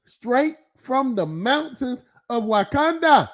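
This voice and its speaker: A man's voice: very high voice, big pitch swings, slow. A man hosting an open-topic live stream, ranting casually and profanely with frequent laughs and filler phrases. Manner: profane, rambling, laughs often, filler-heavy.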